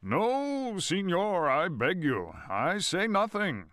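A man's voice: sits high, sing-song, takes it slowly, fairly bright tone, no echo, studio quality, pitched above the performer's own voice, exaggerated voice. A man voicing a timid, nervous male crewman who pleads fearfully. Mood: pleading.

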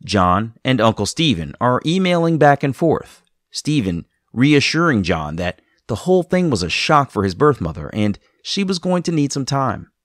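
A man hosting a podcast, narrating a guest's story in measured scripted passages between clips. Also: medium pitch, sing-song, no echo, studio quality. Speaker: podcast host.

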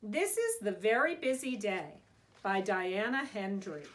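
A woman's voice: medium pitch, big pitch swings, unhurried, a bit bright, a little hiss or hum. A woman, a preschool teacher, reading a picture book aloud to young children in a sing-song storytime manner.

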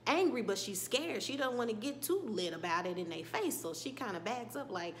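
A woman's voice: mid-range voice, expressive, fairly quick, a little hiss or hum. A woman casually recapping a TV episode in a chatty storytelling way, often slipping into the characters' lines. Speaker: TV episode reviewer.

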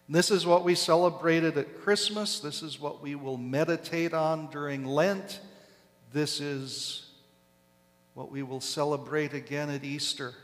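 Slow, deliberate pastor in an echoing church. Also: male voice, fairly high pitch. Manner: slow, deliberate preaching with emphatic stresses. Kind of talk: sermon. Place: large church sanctuary. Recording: long echo of a church hall.

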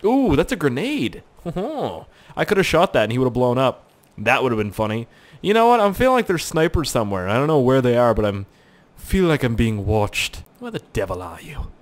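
A young gaming channel host gives casual let's play commentary, goofy and joking and swearing freely. His medium-pitched voice has a sing-song quality at a normal speed.

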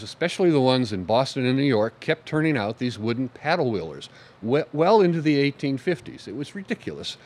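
A man giving a conversational history lecture to an audience, pointing at slides and stressing key words. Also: mid-range voice.

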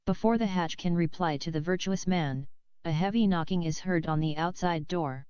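Woman reading a novel, very clear. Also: fairly low pitch, no room sound. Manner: measured, steady reading. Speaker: audiobook reader. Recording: slightly dull lo-fi recording.

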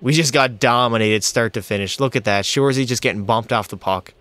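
Young male streamer, excitable frustrated game commentary; clean resonant voice, dry close mic. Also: medium pitch, a little fast, no echo. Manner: excitable, frustrated, addresses chat as boys. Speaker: streamer playing a hockey video game. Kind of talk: live gameplay commentary.

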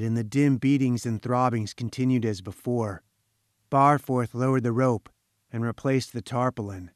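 A man reading an audiobook, narrating a first-person story in a measured, even way. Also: mid-range voice, no room sound, clean studio sound. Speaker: audiobook reader.

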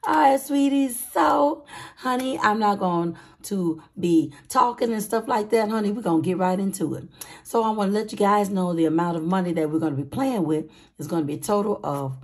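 A woman hosting a casual budgeting vlog, with a raspy voice and an upbeat, chatty manner, calling her viewers sweeties and honey. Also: mid-range voice, normal speed. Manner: upbeat, excited. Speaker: budgeting channel host.

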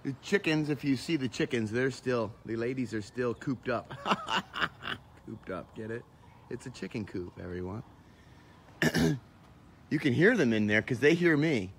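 A pastor from small-town Pennsylvania, USA, walks and chats in a casual vlog, holding the camera himself as he moves from the church grounds into the sanctuary. He jokes and pokes fun at himself in a medium-pitched, lively voice. His pace is measured, with long pauses, and there's slight background noise.

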